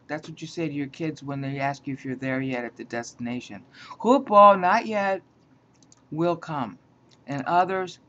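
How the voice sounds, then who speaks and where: A woman's voice: deep voice, a little mellow, breathy edge. A woman teaching a Bible lesson, explaining grammar point by point and often checking in with "all right?". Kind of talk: slow explanatory lecture. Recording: dull lo-fi sound.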